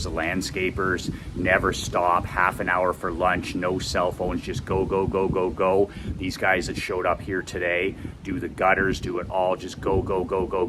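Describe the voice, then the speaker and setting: Deep-voiced man pitching outdoors. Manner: emphatic, repetitive, pushy motivational. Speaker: host. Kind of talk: walk-and-talk sales pitch. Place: outdoors at home, walking. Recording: outdoor noise with passing traffic.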